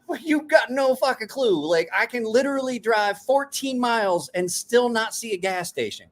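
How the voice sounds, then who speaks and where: A middle-aged man from a small rural town, hosting and telling profane, animated stories in casual chat. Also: very high voice, normal speed. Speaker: host.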